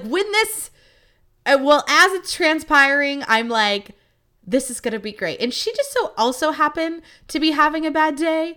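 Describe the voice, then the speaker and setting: A young woman hosts a podcast, telling stories in a chatty, profane, casual monologue and acting out quoted voices. Her voice is fairly high, pushed, and bright.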